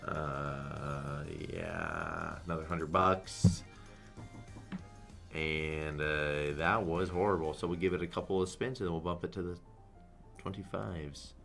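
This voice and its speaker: Low-voiced young man narrating slot spins. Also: slow, gravelly, faint music behind. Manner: excitable, swears a lot, chants "come on". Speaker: slot streamer. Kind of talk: live gambling commentary.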